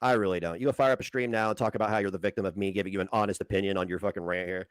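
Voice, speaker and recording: A man's voice: sits low, steady tone, rapid-fire, clear, resonant tone, no room sound, clean studio sound. A man co-hosting a livestream, ranting heatedly and swearing as he lectures someone. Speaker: livestream co-host. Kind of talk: casual livestream chat.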